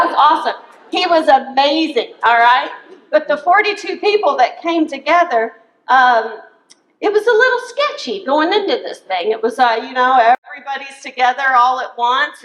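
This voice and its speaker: A woman, a Bible teacher telling a funny story to her study group in an animated, laughing way, squealing when excited. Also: high-pitched, roomy sound, poor audio.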